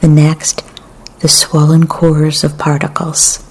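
A woman reading poetry and memoir aloud in a soft, often half-whispered, measured way. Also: low-pitched, monotone, breathy edge. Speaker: literary reader.

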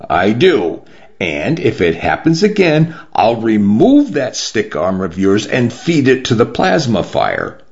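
A man's voice: medium pitch, wildly swooping pitch, takes it slowly, a little mellow, highs cut off, pitched above the performer's own voice, exaggerated voice. A man voicing a tough, curt woman who runs a bar, giving orders and threats in a raised voice. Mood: threatening. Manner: curt and commanding.

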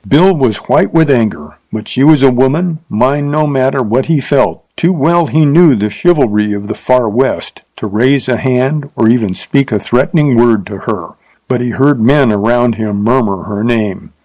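A man's voice: fairly low pitch, a little slow, a little mellow, breathy edge, no room sound, low-quality recording. Man reading a story, dry close sound. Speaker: audiobook narrator. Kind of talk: storybook narration.

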